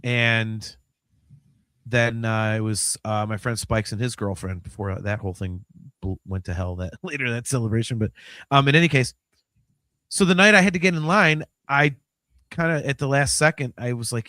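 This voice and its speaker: A man of about fifty, hosting a podcast in casual chat, animated and swearing freely, swinging between mumbling asides and loud outbursts. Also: medium pitch, moderate pace, no room sound, clean studio sound. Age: 50s. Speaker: podcast host.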